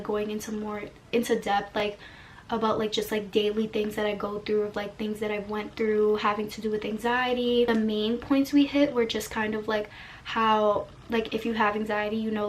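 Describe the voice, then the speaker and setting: A woman's voice: medium pitch, slight background noise. A young adult woman telling a personal story in a casual, rambling vlog style, filling her speech with "like". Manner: chatty, filler-heavy, rambling. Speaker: vlogger.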